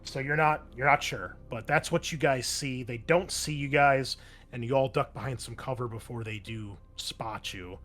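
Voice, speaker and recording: A man narrating a tabletop role-playing game as game master, pausing often with fillers and restarts. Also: medium pitch, fairly bright tone. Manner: halting, many fillers and restarts.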